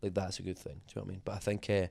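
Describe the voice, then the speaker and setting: A man's voice: sits low, completely flat delivery, rapid-fire, vocal fry, a little mellow, husky. A man being interviewed as a singer, talking casually in a rambling, self-deprecating way with many fillers and restarts.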